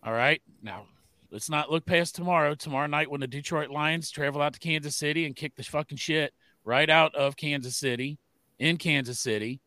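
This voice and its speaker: A man's voice: on the high side, moderate pace, sharp tone. A man co-hosting a sports podcast, joking around in casual chat and swearing freely. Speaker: podcast co-host.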